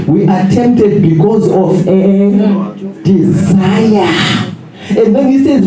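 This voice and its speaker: A man preaching a lively sermon at a men's conference, joking, laughing often and acting out quotes. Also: high voice. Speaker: pastor. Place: large church hall. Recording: echoey hall recording from far off, with audience.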